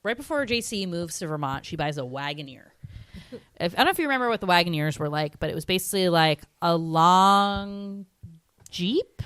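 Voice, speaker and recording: A woman with a fairly low voice co-hosts a casual podcast, telling stories in a loose, meandering way. Her sound is dry and close to the mic, with no room around it. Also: big pitch swings, fast, fairly bright tone, no room sound. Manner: meandering storyteller, chatty with many "like"s. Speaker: podcast co-host. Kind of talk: casual chat.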